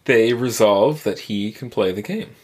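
Podcast co-host, woman with an unusually low voice, measured and thoughtful. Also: darkish tone, slightly rough. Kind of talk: casual book discussion.

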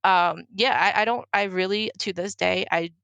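A woman's voice: mid-range voice, normal speed, creaky, a bit bright, no room sound. A young woman telling a personal story in casual chat, filling her talk with "like". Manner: storytelling, heavy use of "like".

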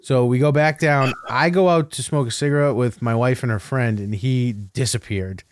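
A man's voice: mid-range voice, normal speed, a little hiss or hum. A man co-hosting a casual chat, telling rambling stories with frequent laughter. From New England. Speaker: podcast co-host.

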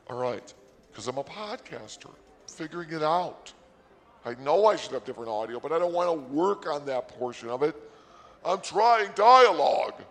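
A man podcaster telling a rambling comic story, swinging erratically between mumbling and shouting, recorded at a rest stop. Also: medium pitch, gravelly, long reverb tail. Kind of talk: rambling comedic monologue.

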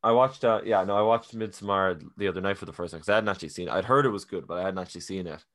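Young man, casual movie chat, lowish voice, joking, swears a lot. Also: racing, a bit bright. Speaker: podcast co-host.

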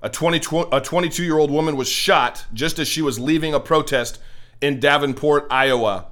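A man's voice: fairly high pitch, moderate pace, fairly bright tone. An American man hosting a political commentary show, delivering an impassioned, preachy monologue and often repeating words as he starts a thought. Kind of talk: opinionated monologue.

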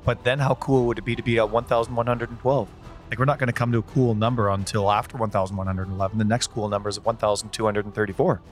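A man in his thirties co-hosting a gaming podcast, a bit hoarse, rambling casually through stories from home. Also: fairly low pitch, fairly even intonation, fast talker, soft background music. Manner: rambling, chatty storyteller. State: hoarse from a sore voice. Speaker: podcast co-host. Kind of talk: casual chat.

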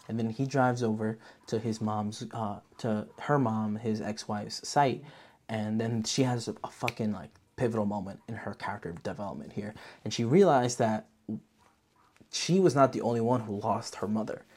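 A vlog host giving a casual movie review, talking in an animated, profane way full of filler words. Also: mid-range voice, normal speed.

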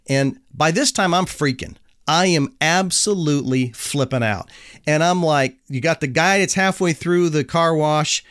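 A middle-aged man telling a casual personal anecdote in an animated, self-deprecating way, chuckling as he goes. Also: fairly high pitch, normal speed, dry recording, clean studio sound. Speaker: storyteller.

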